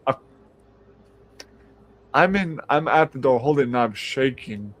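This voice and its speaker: Profane, animated male storyteller. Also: medium pitch, unhurried. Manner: animated, profane, acts out quoted voices. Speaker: podcast host. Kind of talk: casual storytelling on a live stream.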